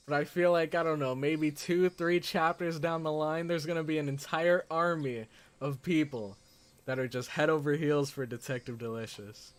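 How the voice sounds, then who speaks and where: A man streaming a visual novel, reading its text aloud and chatting excitedly between passages with frequent "like" fillers. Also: on the high side, normal speed. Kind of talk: reading game text aloud with casual commentary.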